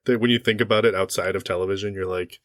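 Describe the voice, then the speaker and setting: A man's voice: low-pitched, fairly even intonation, quick pace, fairly bright tone, no room sound, clean studio sound. A young man co-hosting a podcast, making wry joking asides in casual chat. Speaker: podcast co-host. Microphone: podcast microphone.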